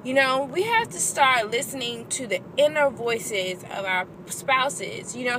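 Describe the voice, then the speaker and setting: A woman's voice: fairly high pitch, noisy background. A young woman talking casually and earnestly about marriage, encouraging listeners and often saying "you know". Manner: earnest, encouraging, filler-heavy. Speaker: vlogger giving marriage advice. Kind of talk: casual talk to camera.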